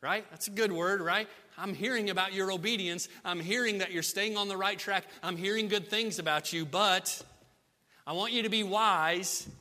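A man's voice: sits high, moderate pace, pushed and bright, big-room sound. A man preaching a sermon as pastor, emphatic and repetitive, with many rhetorical questions.

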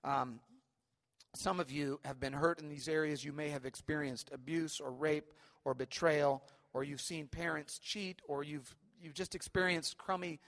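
A man's voice: fairly high pitch, a bit bright, long reverb tail. A man preaching a sermon as pastor, talking in an earnest, conversational way with frequent fillers and check-ins to the congregation. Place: church sanctuary.

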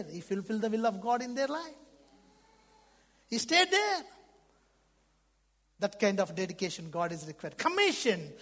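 Very high-voiced male preacher in a hall. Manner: fervent, swinging from loud to hushed; non-native English phrasing. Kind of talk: sermon. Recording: long reverb of a large hall.

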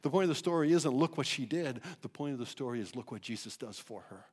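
A man preaching a sermon as pastor, emphatic and animated, often restarting his phrases. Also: medium pitch, fast, husky, long reverb tail. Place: church sanctuary.

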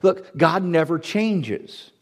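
A man preaching a sermon to a congregation, building to loud, emphatic, repeated lines. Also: a little high, expressive, takes it slowly. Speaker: pastor.

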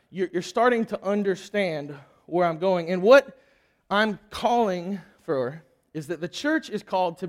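A man preaching a sermon to a church crowd, joking and chatting with the audience as he goes. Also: high-pitched. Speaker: youth pastor.

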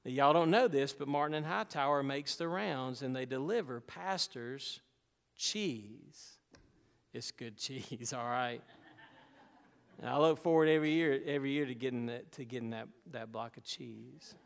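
A man's voice: mid-range voice, normal speed, vocal fry. Male pastor, emphatic sermon voice with folksy asides, long church reverb. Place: church sanctuary.

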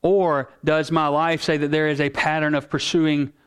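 A male pastor preaching a sermon in an earnest, emphatic way, slowing down to stress key words. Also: fairly high pitch, flat delivery, smooth.

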